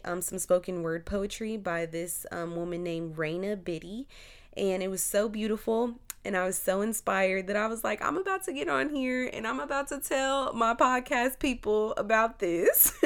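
A woman's voice: mid-range voice, clean tone. A young woman hosting her own podcast, talking casually and with feeling, with lots of fillers. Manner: chatty, heartfelt, full of fillers. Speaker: podcast host.

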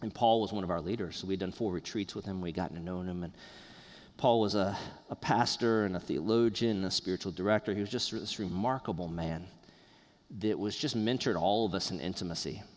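A man preaching a sermon in a church, earnest and conversational, with pauses. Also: low-pitched, big-room sound. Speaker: pastor. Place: church sanctuary.

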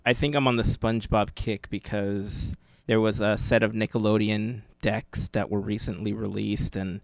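A man's voice: lowish voice, no room sound, studio quality. A man hosting a podcast, reading sponsor notes and then chatting casually with fillers and restarts. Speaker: podcast host.

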